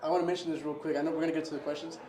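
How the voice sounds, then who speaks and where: A young restaurant owner with a fairly high voice speaks rapid-fire in a flat delivery, interviewed casually in his own restaurant. The room echoes and a crowd murmurs behind him as he says "bro" often and acts out little scenes with customers.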